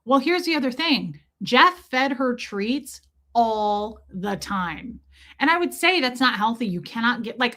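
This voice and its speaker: A woman's voice: medium pitch, pushed and bright. A woman hosting a casual livestream, chatting, reading comments aloud and baby-talking to her dogs. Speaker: livestream host.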